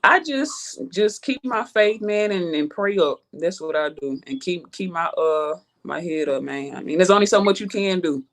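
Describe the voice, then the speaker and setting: A woman's voice: lowish voice, animated, moderate pace, hardly any pauses. A woman rap artist from Houston with a Southern accent, talking in a laid-back, slangy way and swearing freely in a casual interview. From Houston, Texas.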